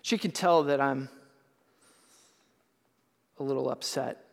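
A male pastor telling a personal testimony in a sermon, earnest and storytelling, rising at times to loud impassioned outbursts. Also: medium pitch, slow, gravelly. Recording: long hall reverb.

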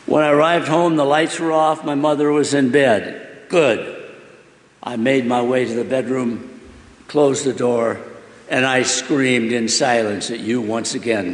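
A man giving an emotional first-person testimony, earnest and pleading as he asks many questions. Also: medium pitch. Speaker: storyteller. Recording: roomy hall with long reverb.

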